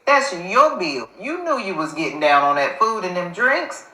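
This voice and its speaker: A woman's voice: fairly low pitch, big pitch swings, normal speed, pushed and bright. Woman commentator giving her take, emphatic, voice swooping up and down, echoey room. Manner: emphatic, opinionated. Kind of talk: reaction commentary.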